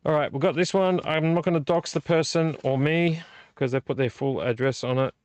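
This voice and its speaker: Slightly drunk on a late-night live video stream, this vlog host meanders and ribs a viewer by name. He speaks fairly quickly in a high-sitting voice with a darkish tone, with no echo in the recording.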